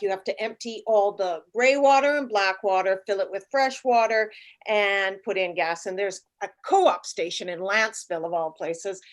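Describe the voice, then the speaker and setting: A woman in her late fifties casually telling a travel story, animated, acting out the voices of the people in it. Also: medium pitch. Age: 50s. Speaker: guest.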